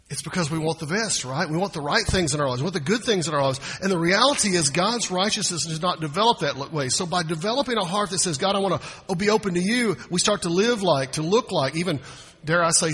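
A man's voice: a little high, sharp tone, breathy edge, big-room sound. A man preaching a sermon in a conversational, folksy way, often restarting his phrases. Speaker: pastor.

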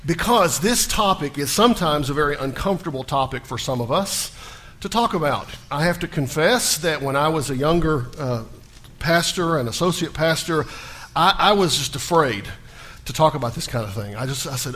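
Pastor preaching with animation. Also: male voice, fairly high pitch, fairly quick. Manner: storytelling with animated panicky character voices. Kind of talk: sermon.

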